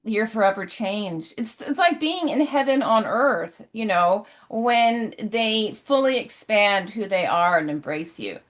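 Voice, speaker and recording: A middle-aged woman speaking earnestly and emotionally as an interview guest, slow and halting. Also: medium pitch, animated. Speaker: guest, horse healer. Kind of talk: heartfelt interview answers. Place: ranch.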